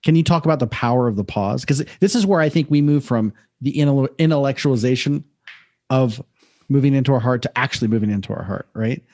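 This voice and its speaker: A man's voice: medium pitch, fast talker, a little mellow. Reflective male podcast host. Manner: affirming, reflective, often says "beautiful". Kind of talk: conversational podcast interview.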